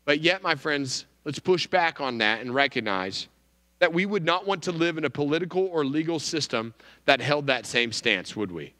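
A male pastor giving a sermon, emphatic, with wide swings in pitch and volume. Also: lively intonation, moderate pace, pushed and bright, in a large hall.

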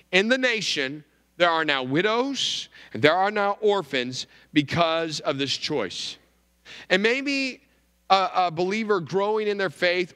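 A male pastor giving a sermon, emphatic, with wide swings in pitch and volume. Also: bright, forceful tone, long reverb tail.

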